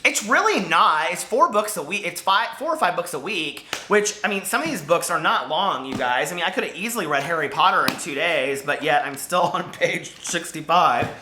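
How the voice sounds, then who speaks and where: Lively, bright-voiced chatty man. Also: fairly high pitch, moderate pace, hardly any pauses, echoey room, a little hiss or hum. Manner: chatty, rambling, jumps between topics. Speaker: book vlogger. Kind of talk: casual chat to camera.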